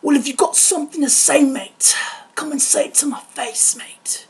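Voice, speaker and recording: A woman's voice: high voice, normal speed, pitched above the performer's own voice. A woman doing a whispered British tough guy. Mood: menacing. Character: gruff British tough guy issuing a dare.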